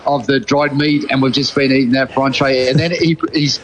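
A man's voice: mid-range voice, fairly quick, a little hiss or hum, poor audio. A man with a New Zealand accent, a former rugby player calling in from abroad and telling stories with lots of laughter. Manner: excitable, laughing storyteller. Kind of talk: casual phone-in chat.

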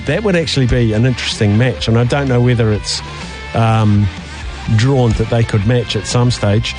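A man's voice: medium pitch, a little slow. A middle-aged man with a New Zealand accent hosting a radio show, chatting and reading listener texts aloud. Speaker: radio host. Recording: faint music behind.

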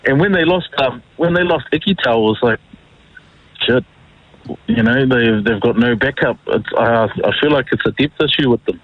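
A man's voice: medium pitch, moderate pace, no echo. A man calling in to a sports radio show, matey and casual. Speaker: caller. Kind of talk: phone-in chat. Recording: tinny phone line.

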